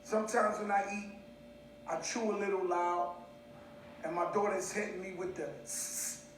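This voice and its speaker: Brief: New man, high and animated, livestreaming on a phone at home, roomy and distant sound. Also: normal speed, slight background noise. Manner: boisterous, animated storytelling. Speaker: host. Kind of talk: casual live-stream chat. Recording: echoey room, voice off-mic.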